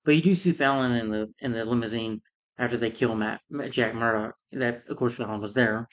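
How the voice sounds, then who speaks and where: A man's voice: medium pitch, steady tone, a little fast, lo-fi sound. A man retelling a film's plot in a casual, rambling way, full of fillers and restarts. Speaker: film reviewer.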